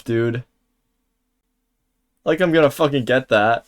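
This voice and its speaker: A man's voice: a little high, animated, measured pace. A man streaming a game live, reacting in panicky bursts, swearing and exclaiming as he plays.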